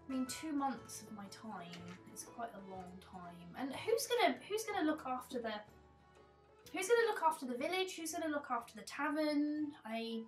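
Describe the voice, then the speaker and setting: A woman's voice: high-pitched, roomy sound, recorded from a distance. A woman voicing a modest, fussy tavern keeper who worries about leaving her tavern.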